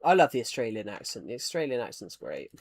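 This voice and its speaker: A man's voice: mid-range voice, very animated, fast talker, slightly rough, dry recording. A man from the UK, chatting casually while playing a game, rambling with many false starts. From United Kingdom. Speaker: Minecraft streamer. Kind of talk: casual chat while gaming.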